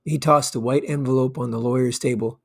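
A man narrating a classic short story as an audiobook, with calm, measured reading. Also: mid-range voice, creaky. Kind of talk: scripted narration.

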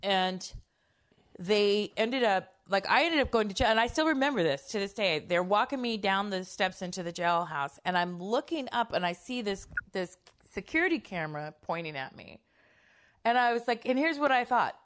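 A woman's voice: medium pitch, expressive, normal speed, a bit bright. A middle-aged woman telling a personal story in a casual, candid way, swearing freely and acting out quoted lines.

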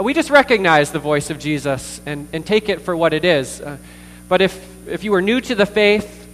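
A man preaching a sermon as pastor, earnest, with pauses, fillers and repeated words. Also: sits high, a bit bright. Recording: distant reverberant hall with mains hum.

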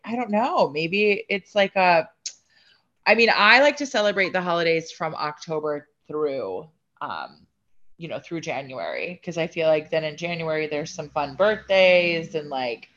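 A woman's voice: low-pitched, expressive, unhurried, a bit bright, muffled recording. A woman co-hosting a podcast, chatting in an easygoing, agreeable way with fillers. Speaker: podcast co-host. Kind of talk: casual chat.

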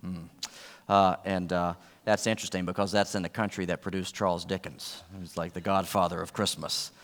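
A man's voice: low voice, little pitch movement, moderate pace, fairly bright tone. Earnest preacher man in a reverberant hall. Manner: earnest, rising emphasis on key points, wry asides. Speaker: pastor. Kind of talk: sermon.

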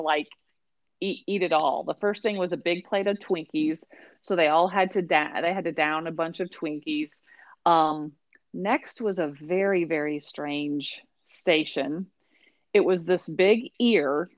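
A woman's voice: on the low side, dry recording. A middle-aged woman hosting a podcast, recapping an episode in a chatty, wry way with exasperated asides. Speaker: podcast host. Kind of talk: casual recap chat. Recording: dry, dull lo-fi sound.

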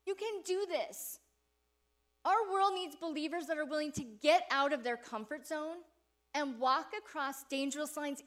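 A woman giving a sermon, telling a personal story with animated delivery and frequent laughter before turning to an earnest call. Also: high voice.

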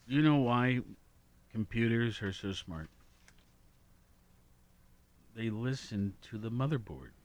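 A man co-hosting a radio show, telling jokes in a slow, deliberate way. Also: mid-range voice, animated. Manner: slow, deliberate joke delivery. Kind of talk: joke-telling radio chat.

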